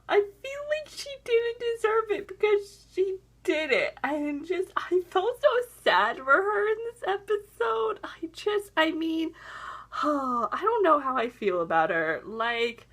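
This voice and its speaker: A young woman recapping a TV episode in casual chat, acting out the characters' lines as she goes. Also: high voice. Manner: animated, acts out characters' lines in quoted voices. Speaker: TV recap vlogger.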